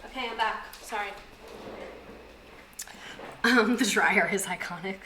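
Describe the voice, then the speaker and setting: A woman's voice: mid-range voice, a little slow, very noisy. A young woman teacher giving a casual history lesson, chatty and sarcastic, swearing and drifting into tangents.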